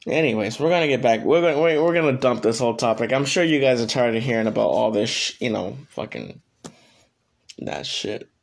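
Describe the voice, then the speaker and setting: A young man hosting his own podcast, talking off the cuff in a rambling and blunt way. He swears freely as he goes, and his voice sits at an ordinary mid pitch for a man. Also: animated, a little fast, creaky. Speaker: podcast host. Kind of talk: casual solo podcast rant.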